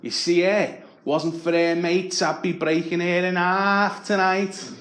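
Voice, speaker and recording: A man's voice: high voice, steady tone, measured pace, a bit bright, voice pushed up. A man doing a boastful, menacing nightclub lad. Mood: aggressive. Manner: menacing, crude bragging. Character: big boastful nightclub lad, aggressive and crude.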